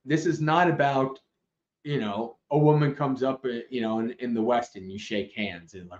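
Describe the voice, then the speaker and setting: A man teaching Dhamma on a livestream, telling a story with lively asides and frequent laughs. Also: mid-range voice, normal speed. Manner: animated storyteller, laughs often, loose asides. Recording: roomy, slightly dull livestream audio.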